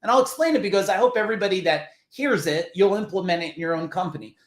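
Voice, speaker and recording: A man's voice: high voice, fast talker, echoey room. A man from New Jersey, a business founder telling earnest stories as a podcast guest, swearing casually. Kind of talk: emotional storytelling.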